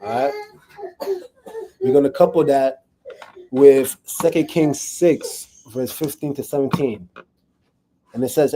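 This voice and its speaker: A man's voice: mid-range voice, takes it slowly, pauses often, dark tone. A man teaching from the Bible to a small group in a room, talking casually and checking in with them often. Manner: casual, checks in with listeners, keeps asking "right?". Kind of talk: conversational sermon to a live group.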